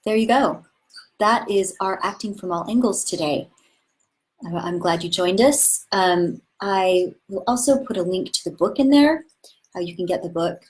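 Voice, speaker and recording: A woman's voice: medium pitch, normal speed, darkish tone, poor audio. A woman acting teacher talking casually and with enthusiasm about voice training, demonstrating vowel sounds as she goes.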